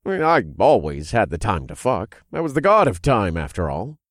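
A man reads a first-person adult audiobook in a low voice that moves a lot in pitch. His delivery is animated and tells the story with energy. The recording is close and dry. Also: normal speed, dry recording. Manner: expressive, animated reading that builds in intensity. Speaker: audiobook narrator. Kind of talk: first-person scripted narration.

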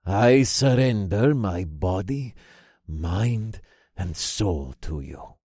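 A man's voice: deep voice, expressive, darkish tone, breathy edge, dry recording, studio quality, heavily acted. A man voicing Lord Caldera, an ominous middle-aged male cult leader in an audiobook. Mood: submissive. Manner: slow and ominous.

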